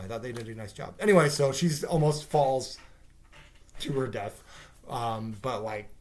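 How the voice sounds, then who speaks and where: A man giving a casual spoken review of a TV episode, rambling and sarcastic, with fillers and swearing. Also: medium pitch. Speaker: TV show reviewer.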